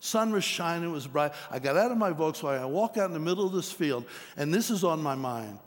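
A man's voice: animated, fast. A middle-aged man preaching, telling his own story in an earnest, storytelling way. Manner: storytelling, earnest, rises in pitch when emphatic. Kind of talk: sermon testimony. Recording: long hall reverb.

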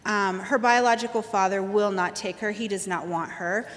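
A woman's voice: medium pitch, fairly even intonation, normal speed. A woman telling her personal testimony in a candid storytelling manner with fillers. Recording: long hall reverb.

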